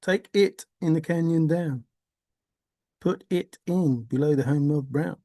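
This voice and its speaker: A man's voice: fairly high pitch, a little slow, mellow, no echo, clean studio sound. A man talking through a rambling vlog monologue, musing aloud, swearing casually and laughing to himself. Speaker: vlogger.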